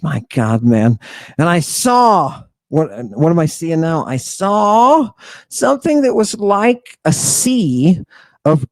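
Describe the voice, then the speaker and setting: A fairly high, slightly mellow male voice leads an irreverent lecture on ancient texts. The host is theatrical, mocking his audience and speaking directly to them, with no echo in the recording.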